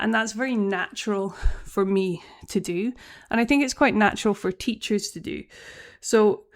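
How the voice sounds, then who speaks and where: A middle-aged woman with a light Scottish accent, originally from Scotland, hosting an English-learning podcast in a chatty, hesitant way full of fillers. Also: medium pitch. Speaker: English teacher and podcast host. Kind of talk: casual podcast lesson.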